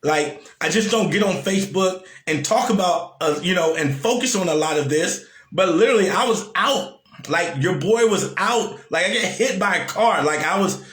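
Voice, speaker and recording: A man speaks in a casual motivational style, hammering points home by saying them again and asking his listeners direct questions. His voice sits a bit high for a man. The sound is roomy, with a clear echo around him. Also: a bit bright. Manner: conversational, repeats lines for emphasis, asks the listener questions. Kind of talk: casual motivational talk to an online audience.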